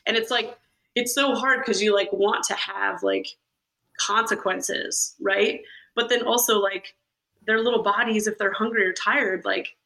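Bright, gravelly woman chatting. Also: mid-range voice, fairly even intonation, a little slow, low-quality recording. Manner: rambling, many "like" fillers. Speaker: podcast co-host. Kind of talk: casual chat.

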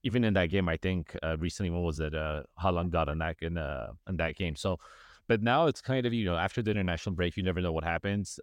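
A man co-hosting a casual soccer podcast, talking in a relaxed, hesitant way. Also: deep voice, no room sound, studio quality. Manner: relaxed, hesitant, many "uh" fillers. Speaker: podcast co-host. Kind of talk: casual sports chat.

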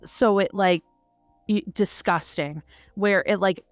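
A woman co-hosting a podcast, casually reviewing a book and retelling its scenes with lively acted-out quotes. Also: medium pitch, slow pace, dry recording, soft background music. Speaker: podcast co-host.

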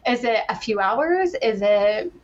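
A woman's voice: fairly high pitch, animated, a little slow. A young adult woman, a podcast guest, telling her story in a chatty, casual way, laughing often and acting out what she said back then. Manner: chatty, laughs often, acts out her own past lines. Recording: dull lo-fi sound.

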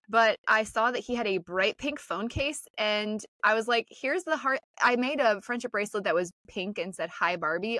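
An American woman co-hosting a podcast in casual chat, bubbly and excited like a fan. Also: fairly high pitch, no echo. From United States. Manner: bubbly, fangirling. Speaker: podcast co-host.

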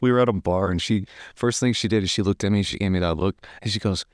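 A man's voice: lowish voice, fast talker, no echo, clean studio sound. A young man co-hosting a podcast, telling stories in casual chat with laughter and acted-out quotes. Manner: animated storytelling, laughing, acting out quotes. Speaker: podcast co-host.

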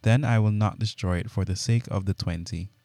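A calm, assured divine voice grants each request, as a man reads it. Low and dark in tone, recorded close and dry. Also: a little fast, no echo.

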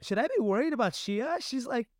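A man's voice: very high-pitched, fairly quick, no echo, studio quality. A man in his thirties co-hosting a podcast, telling a family story in a casual chat and acting out voices as he goes. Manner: animated storyteller, acts out his kids' voices. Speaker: podcast co-host.

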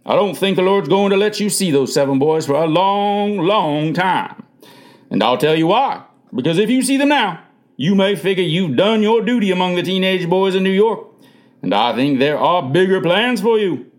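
A man voicing an elderly grandfather who speaks slowly and deliberately, with gentle, probing wisdom. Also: high-pitched, expressive, voice pushed up. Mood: wise. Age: older. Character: wise, plain-spoken old grandfather.

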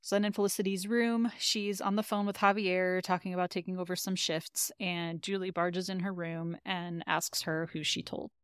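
A woman's voice: fairly low pitch, flat delivery, normal speed, few pauses, smooth, dry recording, clean studio sound. A woman co-hosting a podcast, casually recapping an episode and retelling scenes in quoted lines. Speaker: podcast co-host.

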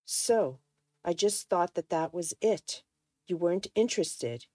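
A woman voicing a troubled, resentful grown man in a halting, strained way while reading a novel aloud. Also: lowish voice, animated, warm tone, dry recording, clean studio sound. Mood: pleading.

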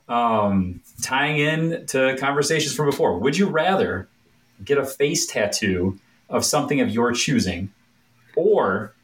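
A man co-hosting a podcast, upbeat and casual as he leads a would-you-rather game. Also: medium pitch. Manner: upbeat, running a game segment. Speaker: podcast host. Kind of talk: casual chat.

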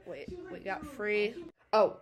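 A woman's voice: mid-range voice, slow pace, crowd noise. A young adult woman hosting a podcast in casual chat, talking freely with lots of swearing and filler words. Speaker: podcast host.

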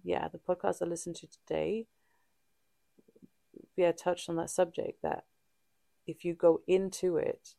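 In a dry, close recording with no room sound, a podcast co-host speaks in a low, heavily gravelly voice, dark and mellow with little pitch movement. Her casual talk is open and reflective but halting, full of fillers and restarted sentences.

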